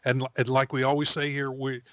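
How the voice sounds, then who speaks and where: A man's voice: mid-range voice, completely flat delivery, a little fast, a bit bright, dry recording. A man co-hosting a casual podcast from a studio, speaking hesitantly with many fillers. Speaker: podcast co-host.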